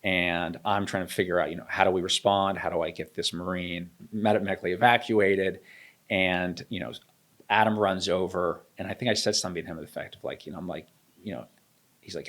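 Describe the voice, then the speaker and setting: A man's voice: deep voice, fairly quick. A man in his thirties, an interview guest, telling a story and acting out the dialogue. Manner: animated, acts out quoted dialogue. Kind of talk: storytelling in a conversation.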